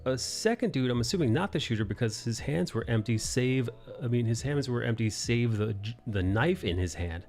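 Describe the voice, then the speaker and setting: A man's voice: mid-range voice, lively intonation, fairly quick, few pauses, darkish tone, soft background music. A man hosting a live stream, chatting casually in a rambling way and laughing often. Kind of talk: casual chat.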